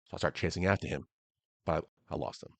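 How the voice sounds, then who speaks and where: Angry deep-voiced man telling a story. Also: quick pace, vocal fry, no room sound. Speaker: podcast host. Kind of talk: solo storytelling podcast.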